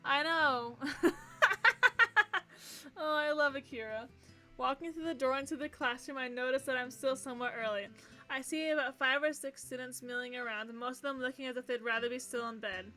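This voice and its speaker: A woman streaming a game, reading its narration aloud and breaking off into gushing, excitable reactions. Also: high-pitched, normal speed. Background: faint game music.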